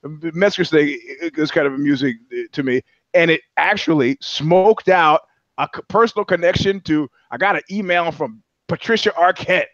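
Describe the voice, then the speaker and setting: A man's voice: a little high, normal speed, fairly bright tone, dry recording, muffled recording. A man co-hosting a podcast in casual chat, rambling and sardonic, with plenty of profanity. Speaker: podcast co-host.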